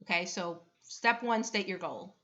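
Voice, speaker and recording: A woman's voice: lowish voice, a little slow, fairly bright tone. A woman running a tabletop game as game master, chatty and giggly, explaining the rules step by step. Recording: dull lo-fi recording.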